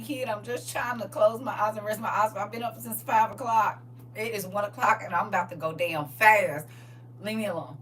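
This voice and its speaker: An older woman hosting a casual live stream from home. She tells animated stories, laughs often and reads viewer comments aloud. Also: lowish voice, distant mic, a little hiss or hum. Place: at home, indoors.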